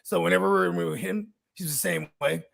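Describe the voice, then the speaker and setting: A man's voice: high-pitched, fairly even intonation, normal speed, vocal fry, fairly bright tone, no room sound, clean studio sound. A man co-hosting a podcast, talking in a loose, profane, slangy way. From California. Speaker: podcast co-host. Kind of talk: casual chat.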